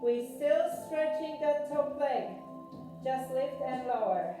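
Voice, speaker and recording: A woman's voice: high voice, takes it slowly, very echoey, distant mic, loud music behind the voice, rough recording. A woman leading a home pilates workout, counting reps and urging people on while she exercises and gets out of breath. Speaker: fitness instructor.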